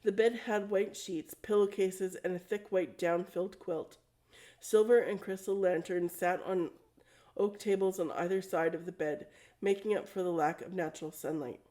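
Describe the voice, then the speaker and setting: A woman reads a storybook aloud in a mellow, low-pitched voice. Her reading is plain and steady, and she corrects herself now and then. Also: moderate pace. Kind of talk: storybook read-aloud narration.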